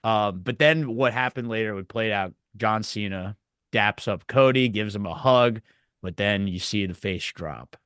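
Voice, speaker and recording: A man co-hosting a casual wrestling review podcast, telling events in an animated way with acted quotes. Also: lowish voice, a little slow, smooth, no room sound, clean studio sound. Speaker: podcast co-host.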